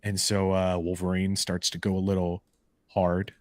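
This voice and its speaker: Man, deep voice, dry sound, casual podcast chat, animated storyteller, filler-heavy. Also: normal speed, no echo. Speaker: podcast co-host. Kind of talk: casual chat, retelling comic book stories. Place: live podcast recording.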